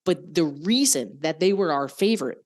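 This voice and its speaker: Speaking at an ordinary pace with a low-pitched, expressive voice, this young adult woman explains mindset exercises on her coaching podcast. As host and fitness coach, she's frank and drops casual swear words.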